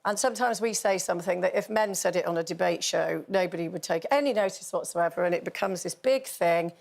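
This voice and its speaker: Animated woman with gravelly voice. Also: lowish voice, fairly quick. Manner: animated, rants with laughter. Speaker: chat show panelist. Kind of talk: casual studio chat.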